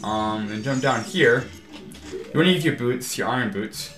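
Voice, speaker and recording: A man talking through a video game playthrough in a casual, rambling way, quick to grumble at the game. His voice sits at an ordinary middle pitch. It rings in an echoey room, with faint game music underneath. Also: fairly bright tone. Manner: rambling and easily exasperated, says "freaking" often. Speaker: let's play host. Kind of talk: casual gameplay commentary.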